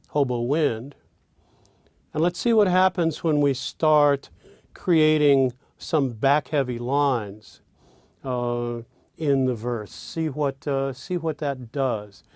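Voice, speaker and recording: A man teaching songwriting, explaining phrasing in a measured way with small hesitant pauses. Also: medium pitch, darkish tone, no room sound. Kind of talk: explaining song structure.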